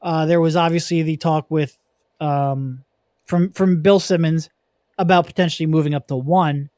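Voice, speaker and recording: A young man hosting a casual sports podcast, chatty and quick with asides, laughing easily. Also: on the high side, fairly even intonation, a little mellow, dry recording, clean studio sound. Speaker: podcast host.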